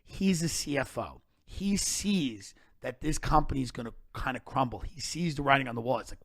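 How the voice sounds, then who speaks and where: A man telling comedic stories on a podcast, animated and emphatic, with plenty of profanity. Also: medium pitch, moderate pace, few pauses, no room sound, studio quality.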